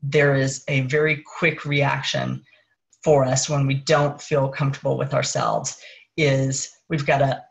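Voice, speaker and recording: A woman with a notably low voice talks to her viewers as a parenting coach, earnest and encouraging. She speaks straight to the webcam or phone of a live stream. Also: little pitch movement, gravelly, muffled recording. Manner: earnest, encouraging, slow and soothing in affirmations. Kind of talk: live-stream talk and guided affirmation.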